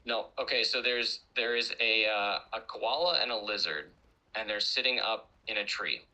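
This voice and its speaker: Low-voiced man with a bright edge. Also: moderate pace, rough recording. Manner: talks through ideas aloud, storytelling. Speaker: guest streamer. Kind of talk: casual chat over voice call.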